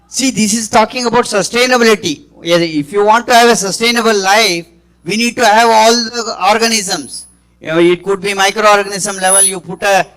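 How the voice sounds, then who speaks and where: A middle-aged man giving a spontaneous talk, halting and often restarting his phrases. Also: high voice, fairly bright tone, poor audio. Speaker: speaker on spiritual healing.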